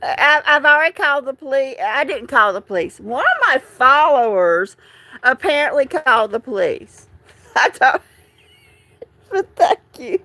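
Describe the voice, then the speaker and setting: Tearful woman, halting, slow. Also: high-pitched, very animated, pushed and bright, no room sound, low-quality recording. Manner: tearful, halting, repeats herself. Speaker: live streamer. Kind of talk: emotional live stream chat.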